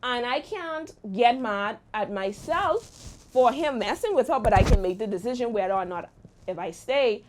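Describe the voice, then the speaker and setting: Woman, young adult, host, storytime monologue, animated and exclaiming, slightly high voice. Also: moderate pace, a little hiss or hum. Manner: lively, animated retelling with exclamations.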